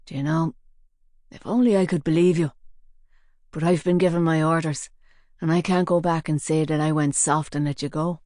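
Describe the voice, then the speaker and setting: A woman voicing a menacing male gunman with a hoarse, gravelly voice. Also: low voice, fairly even intonation, moderate pace, pauses often, a little mellow, no echo, clean studio sound, natural voice. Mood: regretful.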